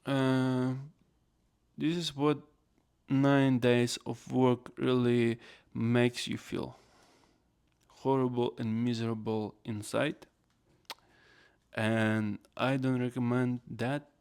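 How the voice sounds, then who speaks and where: A man's voice: medium pitch, vocal fry, darkish tone, clear, resonant tone. A man hosting a casual solo podcast, rambling in non-native English phrasing. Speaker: podcast host.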